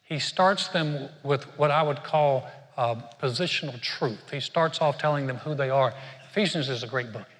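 A man's voice: mid-range voice, normal speed, fairly bright tone, in a large hall. An older man preaching a sermon in a conversational way, often repeating words as he restarts his sentences. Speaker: pastor.

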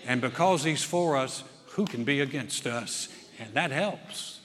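A man preaching a sermon as pastor, swinging from loud emphatic surges down to quiet, soft-spoken stretches. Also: medium pitch, lively intonation, a little slow. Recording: long hall reverb.

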